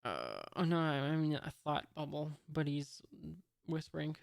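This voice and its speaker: A man reading a comic for the first time and commenting as he goes, halting and musing, with many fillers. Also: fairly high pitch, wildly swooping pitch, creaky, clean tone, no echo, studio quality. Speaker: comic reader.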